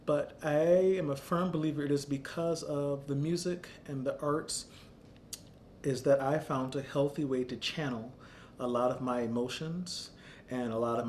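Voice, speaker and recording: A man in his thirties who founded an arts center tells a personal story, earnest, reflective, and measured. His mid-range voice has a darkish tone, with slight background noise.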